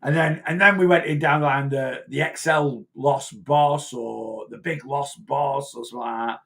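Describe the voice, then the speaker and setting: A man with a gravelly edge to his mid-pitched voice, chatting casually as a personal trainer. He rambles, trips over his own starts and repeats phrases as he goes. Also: normal speed, fairly bright tone. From north-west England. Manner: rambling, repeats and restarts himself. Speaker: personal trainer and weight-loss coach.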